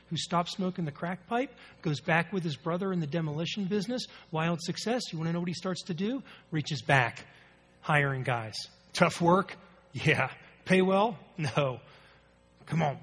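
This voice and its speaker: A man's voice: fairly high pitch, breathy edge. A man preaching a sermon with a congested, nasal voice from allergies, telling stories and reading scripture with strong emphasis. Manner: storytelling, rising and falling emphasis, reads scripture slowly. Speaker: pastor.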